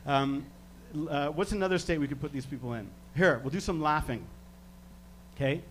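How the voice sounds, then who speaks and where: A man from Canada, working as a stage hypnotist, giving slow, soothing suggestions and chuckling between them. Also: fairly high pitch, slight background noise. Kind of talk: live hypnosis demonstration.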